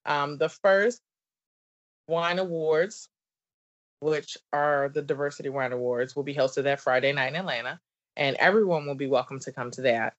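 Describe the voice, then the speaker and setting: On dull, lo-fi remote audio, a low-pitched woman in her thirties with a Southern accent talks at normal speed. She's a podcast guest and business coach, chatty and bubbly in a relaxed interview, with frequent laughs and plenty of likes and ums.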